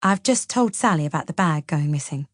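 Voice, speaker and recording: A woman voicing a worried young husband who talks softly and pleadingly. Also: deep voice, animated, fairly quick, dry recording, studio quality. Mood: soothing.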